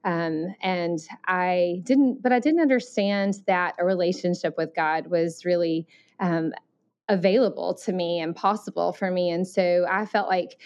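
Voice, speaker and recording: Earnest Southern woman, lower voice. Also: measured pace, darkish tone. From Alabama. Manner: earnest, thoughtful, many ums and uhs. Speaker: missionary guest. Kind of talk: interview storytelling.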